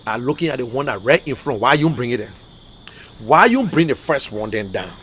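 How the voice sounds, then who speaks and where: A man with a Liberian English accent, talking on a political livestream, emphatic and repetitive, swinging from low muttering to loud outbursts. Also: big pitch swings, fairly quick, a little hiss or hum. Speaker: livestream commentator. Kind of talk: impassioned political livestream rant.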